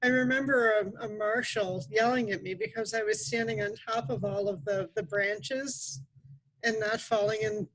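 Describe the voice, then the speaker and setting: A woman speaking in a casual chat, slow and blunt, laughing between remarks. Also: fairly high pitch, expressive, poor audio.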